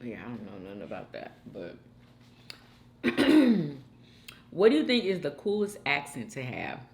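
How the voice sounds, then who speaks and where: Slow, lively-voiced woman host. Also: low-pitched. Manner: expressive, laughing, teasing. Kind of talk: casual couples chat.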